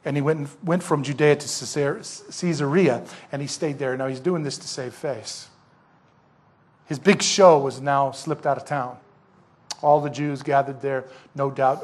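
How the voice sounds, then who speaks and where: A man preaching an expository sermon as pastor, telling the story in a lively way and asking the congregation rhetorical questions. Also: mid-range voice, normal speed.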